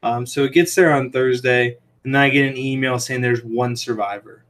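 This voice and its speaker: A man of middling pitch hosts a relaxed livestream from a home room with fish tanks behind him. He talks in a loose, rambling way, with plenty of "like" and "um" as he tells stories to his viewers. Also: normal speed. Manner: rambling, full of "like" and "um" fillers; chatty, tells anecdotes. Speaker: livestream host and aquarium shrimp seller. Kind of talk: casual livestream chat.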